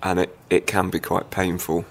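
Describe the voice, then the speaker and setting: Man, comedian guest, dry, measured, lowish voice. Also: completely flat delivery. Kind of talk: casual chat.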